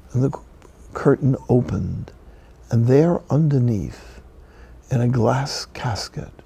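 An older man, a Catholic friar and priest, delivers a broadcast sermon as measured storytelling with solemn pauses. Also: medium pitch, gravelly, mellow, breathy edge.

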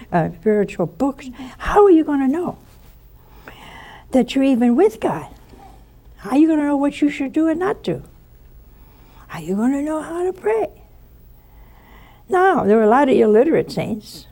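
A woman giving a spoken sermon, telling a story in an animated way and acting out the voices of the people in it. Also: on the high side, gravelly. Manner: animated storyteller who acts out quoted voices.

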